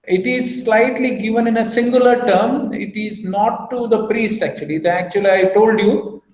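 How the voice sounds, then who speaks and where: A man with a high voice teaches a beginners' language class over a video call. He talks patiently, repeats each phrase slowly and explains it with everyday examples. The sound is echoey, as if he is in a bare room.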